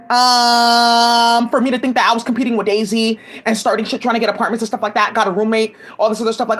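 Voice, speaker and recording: A woman's voice: fairly high pitch, steady tone, moderate pace, a bit bright. A woman giving rambling, profane commentary full of restarts, agitated asides and fillers, speaking into a home mic. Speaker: commentary vlogger.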